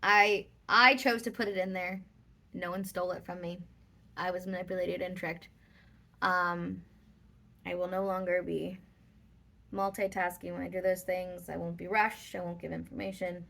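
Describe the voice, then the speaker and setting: A woman's voice: on the low side, flat delivery, moderate pace, gravelly, bright, forceful tone. A woman vlogger telling a personal story in casual, rambling talk with many fillers.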